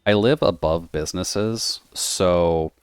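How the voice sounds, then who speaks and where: Very deep, smooth-voiced male streamer. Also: slow, dry recording. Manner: rambling, laughs often. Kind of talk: casual chat while gaming.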